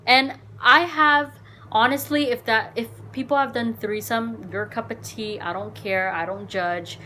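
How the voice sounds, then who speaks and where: A woman vlogger telling a dating story in a casual, animated, frank way, swearing and saying "like" a lot. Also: a little high, a little slow, slight background noise.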